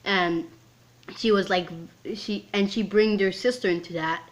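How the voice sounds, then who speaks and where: A woman recapping a film scene by scene in casual chat, rambling and excitable and leaning on "like" and "um". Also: mid-range voice, a little slow. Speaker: film reviewer. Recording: roomy echo.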